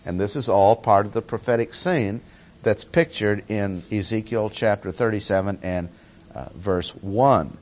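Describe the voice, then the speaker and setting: A man's voice: lowish voice, measured pace, darkish tone, a little hiss or hum. A man teaching through a Bible passage verse by verse, stressing key words by repeating them.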